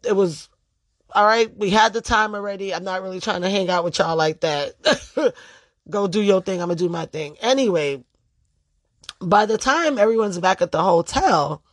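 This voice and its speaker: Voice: mid-range voice, moderate pace, no room sound. Casual storytime vlogger, blunt, heavy cursing, emphatic, dry close sound.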